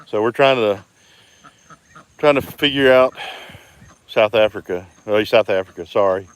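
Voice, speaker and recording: A man with a lowish voice gives a relaxed, rambling walkaround of his homestead, greeting viewers by name as he goes. He talks into a phone while walking outdoors, with crickets and insects buzzing behind him. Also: measured pace, long pauses, smooth. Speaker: homestead vlogger. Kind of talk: casual live-stream walkaround.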